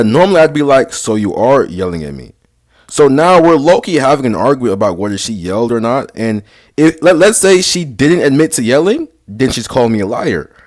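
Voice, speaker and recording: A young man rambling casually through dating advice, slangy and sarcastic, full of basketball lingo. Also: mid-range voice. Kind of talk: casual vlog talk.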